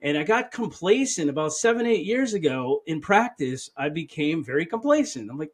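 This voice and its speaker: A man's voice: on the high side, expressive, moderate pace, few pauses. A man in his fifties, a chiropractor guest, telling a personal story in an earnest, emotional way and often quoting himself. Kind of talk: storytelling interview answer.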